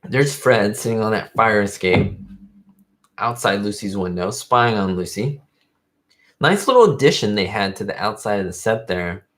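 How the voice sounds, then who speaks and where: Man, slightly low voice, casual livestream host, rambling, filler-heavy chat. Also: expressive, moderate pace, fairly bright tone. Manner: rambling, fan-like, lots of fillers. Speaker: YouTube host.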